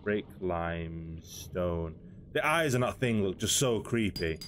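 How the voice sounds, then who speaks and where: A man's voice: sits low, lively intonation, takes it slowly, fairly bright tone, a little hiss or hum. A young man giving casual game commentary, chatting, laughing and talking to creatures in the game. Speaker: gaming video host.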